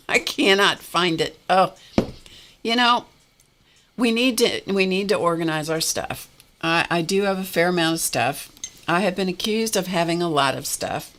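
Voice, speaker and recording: A woman's voice: on the low side, unhurried, fairly bright tone, slight background noise. A middle-aged woman hosting a craft livestream, chatting in a rambling way and greeting viewers by name. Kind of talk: casual livestream chat.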